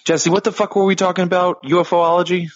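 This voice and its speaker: A man's voice: sits high, fast talker, dull audio. A man co-hosting a casual podcast, ranting with lots of swearing. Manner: profane, animated ranting. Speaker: podcast co-host.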